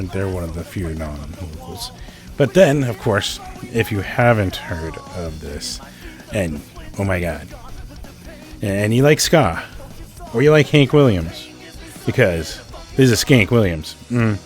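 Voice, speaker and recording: A man hosting a casual show about local music, excited, swearing often and laughing between thoughts. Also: fairly low pitch. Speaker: host. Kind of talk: casual podcast chat. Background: music underneath.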